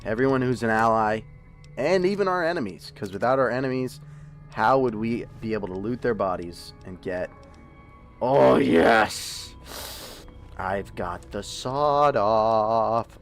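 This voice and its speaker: Chatty male streamer, jokey offhand talk over soft game music. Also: medium pitch, slow. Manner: joking, rambling, chatty with viewers. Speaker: livestreaming gamer. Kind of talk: casual gameplay commentary.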